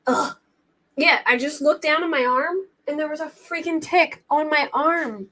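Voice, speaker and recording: A woman's voice: high voice, sharp tone. Flustered, chatty woman livestream host. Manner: rambling, flustered, quick to laugh. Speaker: true crime livestream host. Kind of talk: casual livestream chat.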